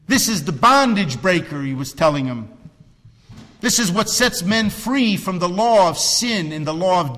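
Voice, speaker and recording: A man preaching a sermon as pastor, swinging between loud emphatic cries and hushed, low, drawn-out phrases. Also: in a large hall.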